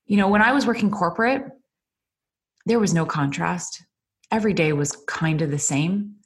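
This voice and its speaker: Earnest woman podcaster, slightly low voice. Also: moderate pace. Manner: earnest and emotional, with many fillers and repeated "you guys". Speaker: podcast host and business coach. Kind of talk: unscripted motivational podcast monologue. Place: indoors at a computer. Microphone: computer mic.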